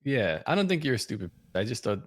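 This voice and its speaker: A man's voice: medium pitch, very animated, fast. A man co-hosting a podcast in casual chat, dropping wry, joking asides. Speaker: podcast co-host.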